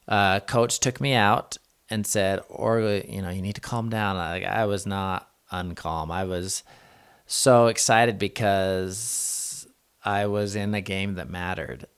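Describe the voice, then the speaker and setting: A man's voice: fairly low pitch, fairly bright tone, clear, resonant tone. A young man telling a personal story in a vlog, earnest and rambling, with many restarts. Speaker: vlogger.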